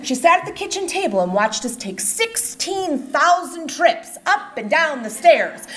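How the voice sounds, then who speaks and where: A middle-aged woman reading her own personal essay on stage with expressive comic timing. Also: high-pitched. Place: event stage before an audience.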